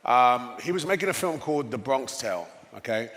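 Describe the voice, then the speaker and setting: A man's voice: medium pitch, expressive, fairly quick, a bit bright. A man in his fifties with an English accent, a guest telling stories in an onstage conversation and often adding "you know". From England. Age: 50s. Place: conference stage. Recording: long reverb of a large hall.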